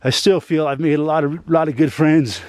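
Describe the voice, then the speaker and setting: A man with a fairly high voice talks in a loose, rambling vent, swearing constantly and tacking "man" onto his phrases. The sound is dry and close, with little room around it. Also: steady tone, moderate pace, darkish tone, dry recording. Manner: rambling, heavily profane, fillers of "man". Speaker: YouTuber. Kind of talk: venting vlog monologue.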